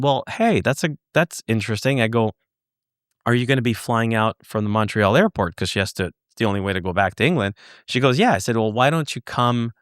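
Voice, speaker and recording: A man as a podcast guest, telling a long personal anecdote in a casual, animated way and acting out the dialogue. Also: mid-range voice, no echo, studio quality. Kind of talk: casual storytelling.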